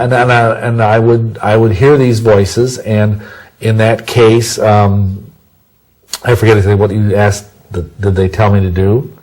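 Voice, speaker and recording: A man's voice: fairly low pitch, a little mellow, breathy edge, low-quality recording. A man answering interview questions in a rambling, self-correcting way, full of folksy sayings. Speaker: interview guest.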